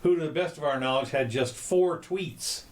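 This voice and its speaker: A man hosting a podcast, chatting casually in a rambling, halting way with many restarts. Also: fairly high pitch. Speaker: podcast host. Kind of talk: casual chat.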